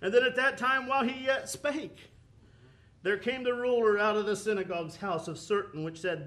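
A man's voice: high voice, moderate pace, bright, forceful tone. A man preaching a sermon with an impassioned, rising and falling cadence, quoting scripture.

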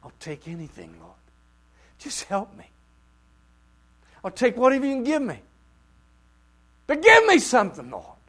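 A man voicing a desperate woman who begs for help, crying out high and loud. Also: big pitch swings, a little fast, few pauses, husky. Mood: pleading.

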